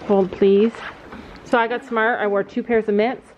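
A middle-aged woman chatting casually to camera in a family vlog, thinking out loud and turning bossy when she sets rules. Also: a little high, little pitch movement, moderate pace. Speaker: family vlogger. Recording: dull lo-fi camera audio with faint noise.

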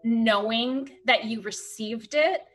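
Tearful, halting woman sharing a memory. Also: a little high, a bit bright, soft background music. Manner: halting, many fillers and restarts, near tears. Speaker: podcast guest. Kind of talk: emotional conversational storytelling.

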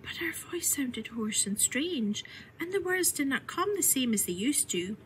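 A woman reading a children's story aloud in an expressive way, often softening to a whisper. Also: high-pitched, measured pace, a little hiss or hum, poor audio. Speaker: reader.

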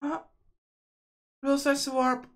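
A woman's voice: high voice, flat delivery, slow. A woman hosting a game playthrough, reading visual novel narration aloud in an earnest, emotional first-person way. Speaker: let's play host.

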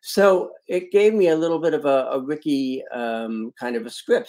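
A man's voice: medium pitch, brisk, few pauses, a little mellow. A man teaching a live online training webinar, talking through a screen-share demo with punchy emphasis on key words and chatty asides to attendees. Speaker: online video marketing trainer.

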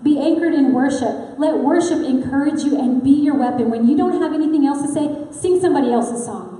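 A woman's voice: high-pitched, a little fast, warm tone. A woman preaching an earnest, personal sermon in a church sanctuary, talking conversationally with frequent fillers. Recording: echoey hall with long reverb.

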